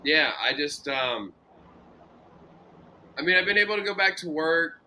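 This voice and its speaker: A man's voice: fairly high pitch, animated, a little slow, bright, forceful tone, slight background noise. A tired man in a casual live chat, hesitant and restarting often, saying he is not fully recovered.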